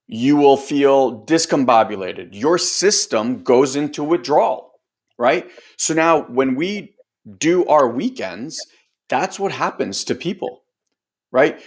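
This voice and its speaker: A man's voice: medium pitch, expressive, slow pace. Loose-talking male coach who swears. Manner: loose and conversational, swears, many fillers; acts out other people's voices in quotes. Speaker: host and personal growth coach. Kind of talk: casual group training talk.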